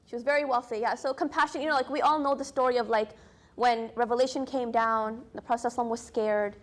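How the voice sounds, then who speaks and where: A woman's voice: on the high side, fairly even intonation, racing. A young adult woman teaching an Islamic studies class in a casual, storytelling way, often asking "right?" and using many fillers.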